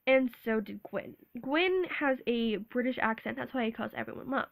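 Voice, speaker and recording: A woman's voice: fairly high pitch, animated, creaky. Awkward young woman with a sore throat. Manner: awkward, halting, laughs often. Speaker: vlogger. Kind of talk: casual rambling vlog.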